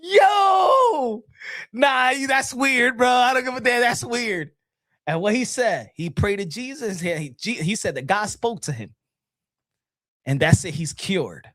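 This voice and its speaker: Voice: mid-range voice, a little slow, dry recording, clean studio sound. A boxing podcast host, ranting casually in a profane, laughing way, with many restarts. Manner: animated, profane, laughs often, stumbles and restarts.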